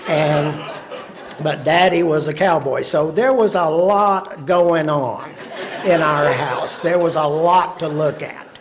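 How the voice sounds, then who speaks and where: A man from spins a humorous story to a live audience. His voice sits a little high, and his delivery is dramatic and dry. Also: takes it slowly, some chatter behind. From Texas. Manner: folksy, dramatic, wry.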